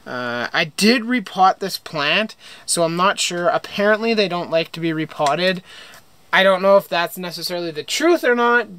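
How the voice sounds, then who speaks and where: A man's voice: fairly high pitch, fairly bright tone. Chatty, upbeat young man. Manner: enthusiastic, chatty, frequent fillers and restarts. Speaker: greenhouse vlogger. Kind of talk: casual plant tour. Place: home greenhouse.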